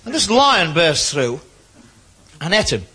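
High, lively man telling an animal joke. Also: slow, very noisy. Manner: animated, voices characters. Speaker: stand-up comedian. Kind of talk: storytelling joke.

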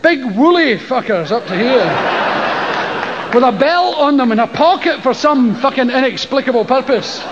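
A man's voice: very high-pitched, moderate pace. Scottish stand-up guy, swears a lot, does little voices, crowd noise and hiss behind him. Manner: profane, animated, mimics voices and screams. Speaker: stand-up comedian. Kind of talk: stand-up comedy storytelling. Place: live comedy venue with an audience. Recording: lo-fi live show with crowd and noise.

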